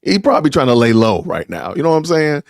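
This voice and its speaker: Middle-aged male host, indignant live-stream commentary, trips over his own words, very animated pitch. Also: fast, creaky, no echo, studio quality. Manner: indignant, stammering, repeating himself. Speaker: podcast host.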